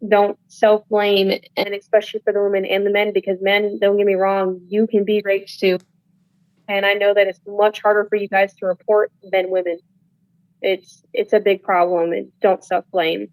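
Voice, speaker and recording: A woman's voice: medium pitch, darkish tone, no room sound, rough recording. A young woman speaks as a podcast guest, earnest and candid. She circles back and restarts often. The room sound is dry and close. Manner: earnest, repetitive, with restarts and "like" fillers. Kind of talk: candid conversational advice.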